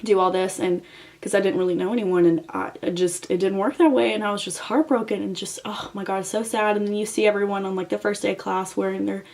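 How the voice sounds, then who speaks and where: A woman's voice: mid-range voice, steady tone, fast talker, vocal fry, a little mellow. A young woman telling a personal story to camera in a chatty way, full of fillers and emotional retelling. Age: young adult. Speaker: vlogger.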